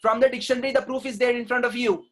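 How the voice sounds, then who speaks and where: A man, teaching an online pronunciation class. He is lively and drills words by saying them again and again. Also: very high voice, fast talker. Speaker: communication trainer.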